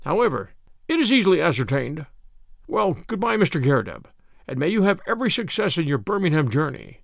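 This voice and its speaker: A man reading an audiobook, voicing a calm, shrewd male detective who speaks in a measured, courteous way. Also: fairly high pitch, vocal fry, no room sound, studio quality, heavily acted.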